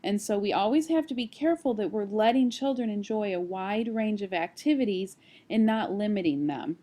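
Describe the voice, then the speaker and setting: A woman's voice: mid-range voice, moderate pace. Woman giving a screencast lecture. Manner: steady explanatory pace with occasional fillers. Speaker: college instructor.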